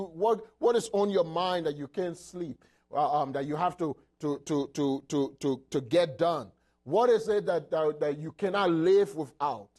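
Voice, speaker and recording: A man preaching a sermon in an emphatic, halting way, with many repeated words and restarts. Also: a little high, a little mellow.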